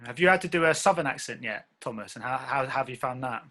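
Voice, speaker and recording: A man's voice: medium pitch, lively intonation, fast talker, pushed and bright. A man interviewing actors, asking long, winding questions.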